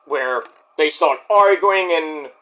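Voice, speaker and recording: A man giving a casual, rambling recap of a show, excitable and profane. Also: on the high side, takes it slowly. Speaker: wrestling show reviewer.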